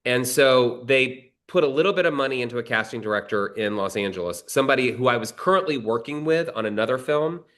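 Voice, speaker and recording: A man's voice: medium pitch, expressive, brisk, few pauses, fairly bright tone. A male screenwriter telling a long anecdote in a casual, rambling way, with frequent restarts and some swearing. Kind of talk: conversational storytelling.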